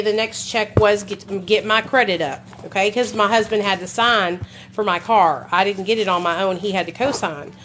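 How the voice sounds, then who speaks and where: A woman's voice: medium pitch, a bit bright, slight background noise. Blunt, outspoken woman telling her story. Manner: blunt, emphatic, swears freely, addresses viewers directly. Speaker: vlogger. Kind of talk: candid live-stream storytelling.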